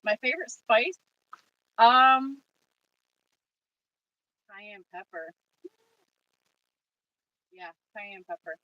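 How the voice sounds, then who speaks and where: A woman hosts a relaxed trucking livestream, reading out viewer comments and answering them in a friendly, chatty way. Her voice sits a bit high. She sounds set back from a dull, lo-fi mic with a dry sound. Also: extremely slow, pauses often, no echo, distant mic. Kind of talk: casual live chat reading viewer comments.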